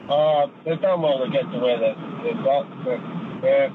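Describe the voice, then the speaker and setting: A man's voice: mid-range voice, normal speed. A man calling a radio show, easygoing and hesitant. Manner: easygoing, hesitant, says mate a lot. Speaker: radio caller. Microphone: phone. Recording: noisy phone line with passing traffic.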